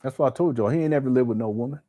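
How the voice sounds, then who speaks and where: A man's voice: mid-range voice, rapid-fire, dark tone. Exasperated man giving casual commentary. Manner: exasperated, incredulous, swears casually. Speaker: commentary channel host.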